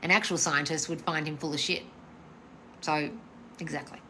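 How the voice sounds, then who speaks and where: This is a middle-aged woman, hosting a casual live Q&A. She talks bluntly and swears freely, calling people darling as she goes. Her voice is bright and forward, and there is faint background noise. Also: sits low, fairly even intonation, moderate pace. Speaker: host answering viewer questions on a live stream.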